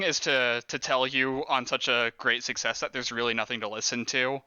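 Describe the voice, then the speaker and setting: A man's voice: mid-range voice, fairly even intonation, normal speed, bright, forceful tone, smooth, no room sound, highs cut off. A man acting as game master of a tabletop horror game, teasing his players and laughing often.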